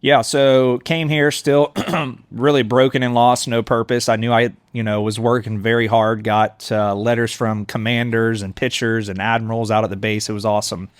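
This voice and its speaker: A man's voice: medium pitch, little pitch movement, no echo, clean studio sound. A man in his thirties, a mayoral candidate, telling his life story candidly and earnestly in a podcast interview. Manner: earnest, candid, quick to laugh. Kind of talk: conversational storytelling. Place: on-site in a coffee shop.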